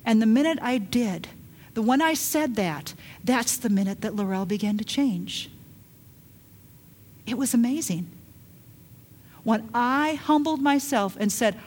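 A middle-aged woman preaching a sermon, emphatic, dropping to hushed lines and rising to loud urgent calls. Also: a little high, lively intonation, measured pace. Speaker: pastor.

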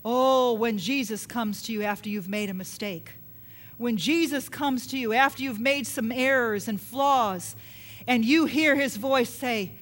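A woman's voice: a little high, unhurried, fairly bright tone. A woman preaching a sermon, emphatic and repetitive, often putting questions to her listeners.

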